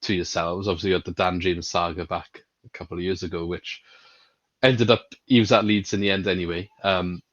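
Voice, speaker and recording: A man's voice: sits low, fairly quick, no echo. A man hosting a casual football podcast, chatty and a little hesitant. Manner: relaxed, chatty, some hesitant restarts. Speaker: podcast host. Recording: dull, dry sound.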